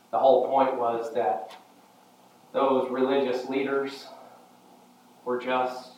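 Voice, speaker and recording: A man preaching a sermon, emphatic, swinging from quiet explanation to loud declaration. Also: mid-range voice. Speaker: pastor. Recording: roomy, dull sound from a distant mic.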